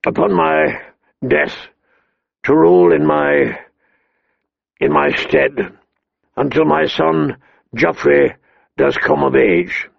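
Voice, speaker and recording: A man voicing a hoarse, hot-tempered dying king who talks gruffly and halts with pain, in a dull lo-fi dry recording. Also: a little high, dry recording, exaggerated voice. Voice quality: hoarse, gravelly. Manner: gruff, blustering, halting with pain.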